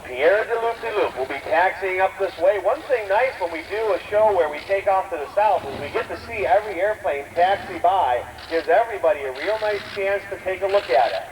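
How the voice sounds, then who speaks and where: A man announcing a live air show, excitable and showman-like, rallying the crowd, heard over an outdoor loudspeaker. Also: high voice, a little fast, hardly any pauses. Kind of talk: live event commentary. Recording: distant echoey outdoor PA with noise.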